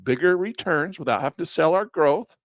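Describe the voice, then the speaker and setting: A man's voice: on the high side, lively intonation, brisk, no room sound, clean studio sound. A man hosting an investing channel, talking casually and emphatically to his viewers, often repeating himself.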